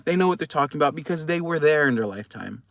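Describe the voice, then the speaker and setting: A man's voice: on the high side, lively intonation, rapid-fire, creaky, dry recording. A young man giving heated, profane post-fight boxing commentary in a casual vlog. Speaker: boxing vlogger.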